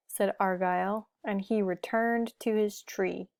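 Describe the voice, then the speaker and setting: A woman reading a picture book aloud to children, gentle and asking the listener questions. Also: medium pitch, steady tone, measured pace, vocal fry, hardly any pauses, dry recording, studio quality. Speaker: storybook reader.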